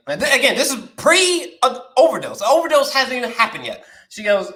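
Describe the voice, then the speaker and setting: A man giving a casual, excitable film review, laughing a lot, swearing and repeating himself in slangy talk. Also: very high-pitched, normal speed.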